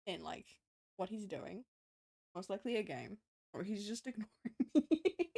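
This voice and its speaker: A woman's voice: mid-range voice, lively intonation, moderate pace, vocal fry, warm tone, dry recording, clean studio sound. A young woman streaming late at night, chatting casually to viewers as she draws, swearing freely and laughing often. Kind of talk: casual late-night live-stream chat while drawing. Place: room at home.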